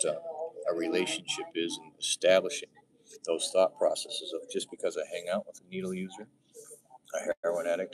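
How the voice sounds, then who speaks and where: Low-pitched and picked up from a distance, a middle-aged livestream host rambles sarcastically and profanely, hopping between odd comparisons. He's using his phone's front camera, and the rough recording catches crowd noise.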